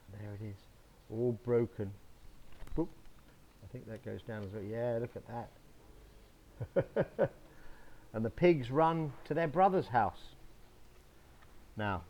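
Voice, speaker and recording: A man reading a picture book aloud to children, slow and expressive, adding sound effects. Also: on the low side, slight background noise. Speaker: storyteller.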